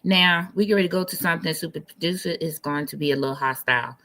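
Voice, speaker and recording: Animated woman co-hosting a stream. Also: low voice, quick pace. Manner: animated, incredulous, repeats phrases for emphasis. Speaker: co-host of a live stream. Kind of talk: casual chat.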